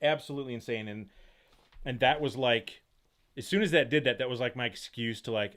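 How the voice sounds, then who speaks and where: Excitable man rambling through a live Q&A. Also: medium pitch. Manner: rapid, rambling, jumps between thoughts; reads chat comments aloud and reacts excitedly. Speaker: host of outdoor gear channel. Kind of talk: casual live-stream Q&A.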